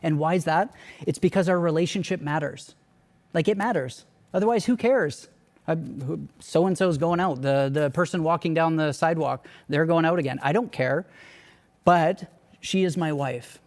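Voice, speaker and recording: Young male church staff speaker, slightly high voice; earnest, candid, conversational storyteller. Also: normal speed. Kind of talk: personal storytelling talk.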